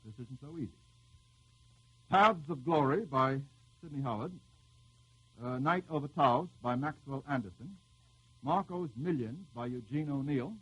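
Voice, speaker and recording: A man hosting a live radio quiz show, teasing the panel with quick jokes as he reads out the questions. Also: mid-range voice, fairly bright tone, husky, highs cut off.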